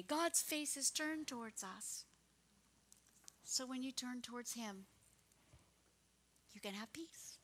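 A woman pastor preaching a sermon earnestly, dropping to soft whispers and rising to fervent prayer. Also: high voice.

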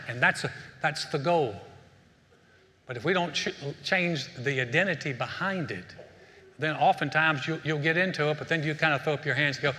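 Bright high-voiced male preacher. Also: brisk. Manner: conversational, repeats words as he restarts. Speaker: pastor. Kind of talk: sermon with a told joke. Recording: preached in a hall with long reverb.

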